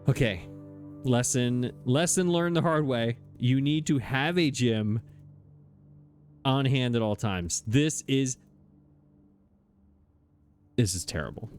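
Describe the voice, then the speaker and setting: A man's voice: medium pitch, lively intonation, slow, pauses often, a little mellow, soft background music. A man commenting on his own gameplay, flustered and exasperated, talking to himself. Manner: frustrated, exasperated, talks to himself. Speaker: let's play gamer.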